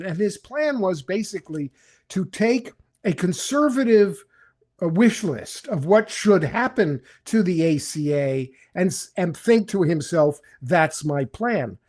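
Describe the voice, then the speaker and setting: A man's voice: high voice, darkish tone. An older man, a former congressman, discussing politics as a guest on a live stream, rambling with many restarts.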